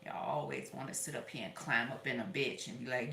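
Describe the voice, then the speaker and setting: A woman's voice: very deep voice, steady tone, fairly quick, creaky. A woman rambling casually and profanely to herself as she cleans at home, joking with her viewers. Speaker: vlogger. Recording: very echoey room, far mic, loud background noise.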